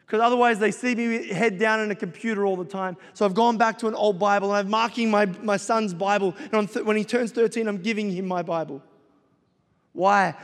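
High-voiced preacher in an echoing hall. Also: male voice, fairly bright tone. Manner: preaching with repeated exhortations. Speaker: pastor. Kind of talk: sermon. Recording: long reverb of a large hall.

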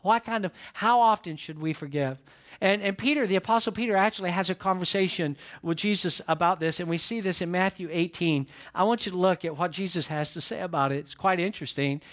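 Animated male pastor preaching. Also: sits high, a little fast. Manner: animated, acts out voices of listeners and Bible figures. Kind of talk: sermon.

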